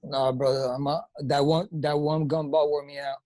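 Laid-back podcast guest, short replies. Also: male voice, on the high side, flat delivery, normal speed, mellow, no echo. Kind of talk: casual chat.

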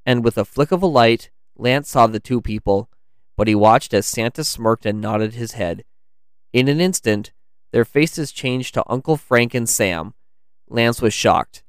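A man's voice: lowish voice, measured pace, smooth, dry recording, clean studio sound. A man co-hosting a podcast, narrating a storybook tale and chatting in an easygoing, rambling way. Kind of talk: storybook narration and casual chat.

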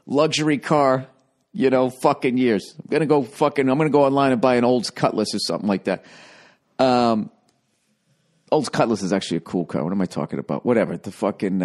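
Middle-aged male comic, casual monologue, swears freely, wry rambling asides. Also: medium pitch. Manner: profane, rambling, wry storytelling. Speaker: comedian hosting a podcast.

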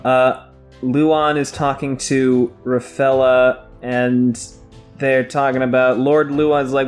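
A man's voice: mid-range voice, level tone, slow, faint music behind. A man hosting a casual chat, recapping book chapters and acting out quotes in put-on voices. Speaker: podcast host summarizing a book.

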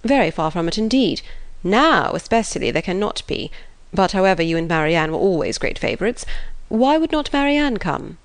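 A woman reading the part of a pompous, fussy gentleman who lectures his sister. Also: on the low side, big pitch swings, normal speed. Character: pompous fussy gentleman, self-important brother.

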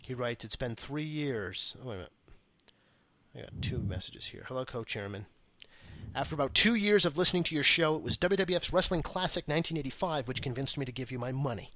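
A man's voice: medium pitch, lively intonation, a little fast, a bit bright, a little hiss or hum. A man co-hosting a podcast, reading listener letters aloud in a wry, profane, mock-reverent casual chat. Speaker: podcast co-host.

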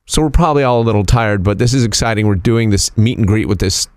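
A man hosting a radio show, telling a story in a casual, animated, teasing way. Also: on the low side, quick pace, smooth, dry recording.

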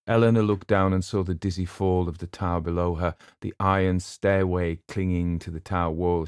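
A low-pitched male audiobook narrator reads a novel aloud in a steady, measured storytelling voice. It's scripted narration, recorded dry with studio quality.

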